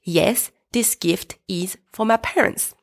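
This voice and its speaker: Slow, gravelly-voiced French woman teaching. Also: medium pitch. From France. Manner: slow, patient, repeats words for learners to echo. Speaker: French teacher, podcast host. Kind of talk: scripted podcast lesson.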